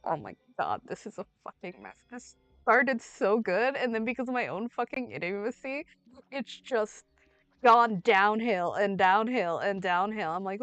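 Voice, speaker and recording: Excitable young woman swearing at a game. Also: medium pitch, measured pace, no echo. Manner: excitable, swears freely, pleads and yells at the game. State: under the weather. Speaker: streamer. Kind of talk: casual gameplay commentary. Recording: dry close mic with faint game music.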